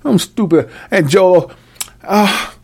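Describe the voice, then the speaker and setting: A man giving a freewheeling, profane Bible commentary, brash and mocking, swinging between loud outbursts and low mutters. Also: expressive, takes it slowly, breathy edge. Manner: brash, mocking and full of cursing. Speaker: self-styled preacher.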